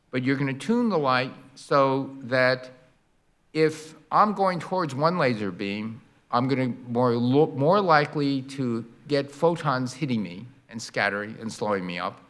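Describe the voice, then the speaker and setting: An older man lecturing on science in a hall, with a middle-pitched voice. He is lively and playful, acting out little sound effects and demonstrations as he explains. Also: measured pace. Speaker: guest lecturer.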